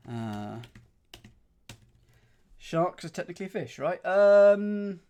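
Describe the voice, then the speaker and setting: A man's voice: high voice, big pitch swings, slow, dark tone, smooth, dull audio. A man streaming as he solves a crossword, thinking aloud, questioning himself and chatting with his live chat. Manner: muses and questions himself aloud, with frequent fillers and self-corrections.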